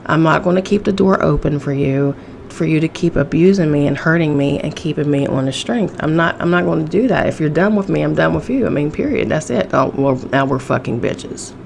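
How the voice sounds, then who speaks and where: A woman's voice: low-pitched, fairly quick, vocal fry, darkish tone, slight background noise. A woman hosting a casual solo podcast, sassy and profane, laughing often, with a chesty cough. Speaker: podcast host.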